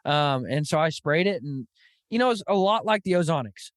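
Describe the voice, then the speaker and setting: A man hosting a podcast, telling stories in an animated, casual way, full of "dude" and "like". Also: a little high, moderate pace, no room sound, studio quality. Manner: animated storytelling, lots of "dude" and "like". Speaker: podcast host. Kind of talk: casual chat.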